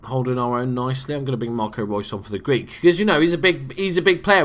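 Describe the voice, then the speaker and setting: A man's voice: medium pitch, fast talker. A young man from England giving casual, sweary, jokey let's-play commentary as a gaming YouTuber.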